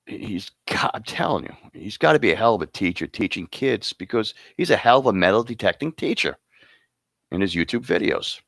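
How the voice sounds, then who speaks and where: A man's voice: lowish voice, sing-song, fairly quick, vocal fry, a bit bright, dry recording. A man hosting an awards show, rambling and joking casually between announcements. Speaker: host presenting awards.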